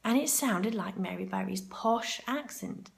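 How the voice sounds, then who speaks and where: A woman with a medium-pitched voice, vocal fry, and a slightly slow pace vlogs to camera, her throat sore and groggy. Her monologue is chatty and rambling with asides to herself, and part of it is recorded in a hotel ladies' room.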